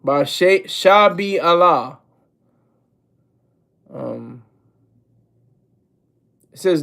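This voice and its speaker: Male streamer, high-pitched, casual rambling delivery with frequent restarts and repeats. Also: slow, creaky, long pauses, fairly bright tone. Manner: rambling, self-interrupting, often repeats words; chuckles to himself between thoughts. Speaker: livestream host. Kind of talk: casual livestream commentary, reading chat.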